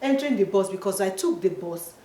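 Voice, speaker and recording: A woman's voice: medium pitch, animated, fairly quick, mellow, slight background noise. A Nigerian-accented woman hosting a casual chat, earnestly advising and talking straight to her viewers. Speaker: host. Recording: roomy echo.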